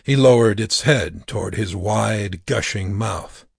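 A man narrating an audiobook in a slow, measured reading. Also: on the low side, no echo, clean studio sound. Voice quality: gravelly, husky.

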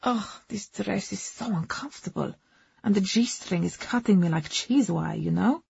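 A woman's voice: mid-range voice, normal speed, gravelly, darkish tone, breathy edge, no echo, heavily acted. A woman voicing a rich, flustered foreign-born woman who speaks broken English with dropped articles, in an emphatic, plaintive manner, on a dull, muffled recording. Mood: complaining.

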